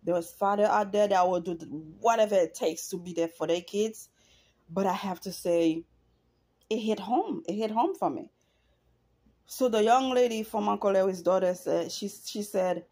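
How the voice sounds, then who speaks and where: A woman's voice: medium pitch, normal speed, a little mellow. A middle-aged woman talking straight to camera in an emotional, earnest personal monologue, repeating herself for emphasis. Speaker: vlogger.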